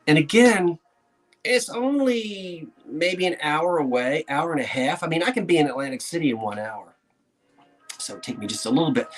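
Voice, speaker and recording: Antiques dealer, male, excitable vlogger, chatty and prone to laughing. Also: mid-range voice. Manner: chatty, excitable, laughs often, talks to himself. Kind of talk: casual vlog talk to viewers.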